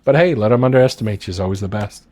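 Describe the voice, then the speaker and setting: A man's voice: fairly low pitch, racing, a little mellow. A man telling the story of his political campaign in a casual, rambling way, acting out what people said to him. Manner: rambling, acts out quoted dialogue. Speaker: political candidate and marina owner. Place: at a marina boat club.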